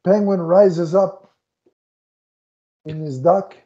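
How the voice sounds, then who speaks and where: A man's voice: high voice, fairly even intonation, takes it slowly, mellow. A man co-hosting a casual chat podcast, retelling film scenes and acting out the characters' lines. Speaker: podcast co-host. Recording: dull lo-fi audio.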